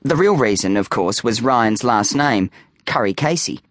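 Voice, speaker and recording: A man reading a children's audiobook aloud with playful, animated storytelling on a close studio mic. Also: lowish voice, measured pace, dry recording. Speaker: audiobook narrator.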